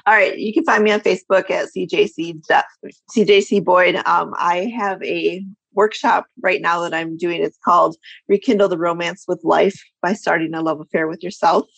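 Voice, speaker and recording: A woman's voice: lowish voice, steady tone, normal speed, vocal fry, fairly bright tone, husky, dry recording, poor audio. A woman life coach talking frankly and bluntly as a guest in a casual chat.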